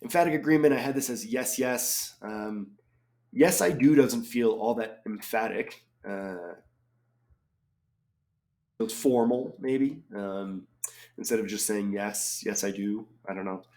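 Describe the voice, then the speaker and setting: A man's voice: medium pitch, unhurried, pauses often, darkish tone. Chatty man thinking aloud. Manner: chatty and digressive, thinking aloud with many ums. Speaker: crossword solver. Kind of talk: casual solo commentary while solving.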